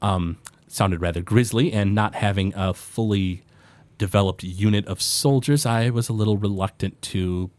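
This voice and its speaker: A man voicing a formal male military commander, speaking in a measured, halting way. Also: on the low side, darkish tone, dry recording, close to an everyday voice.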